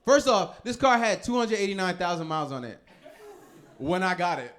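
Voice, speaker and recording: A man in his thirties performs a stand-up comedy set with a fairly high voice. He tells stories in a loose, laughing way and jumps quickly into other people's voices. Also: sing-song, a bit bright.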